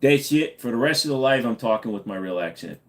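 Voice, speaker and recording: A man's voice: mid-range voice, animated, brisk, fairly bright tone. A man hosting a casual livestream, reading viewers' chat aloud and answering with loose, joking, profane banter. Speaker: livestream host.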